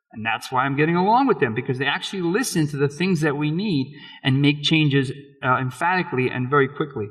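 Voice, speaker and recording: A man's voice: fairly high pitch, fairly bright tone. A man presenting dental case slides at a conference lecture, speaking in a conversational, frank way with frequent restarts. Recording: long reverb of a lecture hall.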